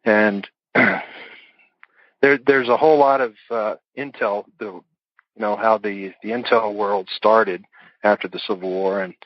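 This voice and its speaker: A middle-aged man with a lowish voice talks through his stories in a relaxed, rambling way, dotted with fillers and soft chuckles. The audio is dull, dry and lo-fi. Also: slow pace, no room sound. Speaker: author and interview guest. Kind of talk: casual interview conversation.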